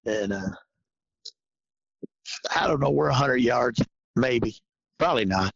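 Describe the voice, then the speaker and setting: This man's mid-range voice is gravelly and slightly rough, with lively intonation and an unhurried pace, and there's no echo. He's a guest rambling through a folksy hunting story, acting out everyone's dialogue, on dull lo-fi audio.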